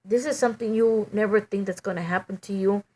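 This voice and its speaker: A middle-aged woman giving a halting, emotional personal testimony, full of "you know" and restarts. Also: medium pitch, fairly even intonation, a little mellow.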